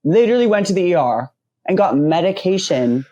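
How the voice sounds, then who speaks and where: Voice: medium pitch, sing-song, fairly quick, dark tone, muffled recording. A podcast co-host in casual chat, animatedly acting out quoted conversations while telling a story.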